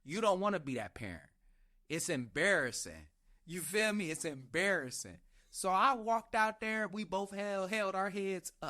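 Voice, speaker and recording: Male podcast host and Marine recruiter, somewhat high voice, lively and profane storytelling, dry close mic. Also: dry recording. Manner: animated, profane, emphatic storytelling. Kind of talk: casual storytelling chat.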